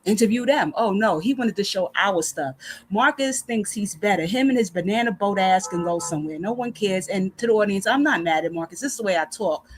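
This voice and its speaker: A woman's voice: mid-range voice, lively intonation, a little hiss or hum. A woman from New York with a New York accent, calling in to a live show and ranting bluntly with profanity. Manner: blunt, profane, rapid-fire opinions. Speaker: caller. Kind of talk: casual call-in rant.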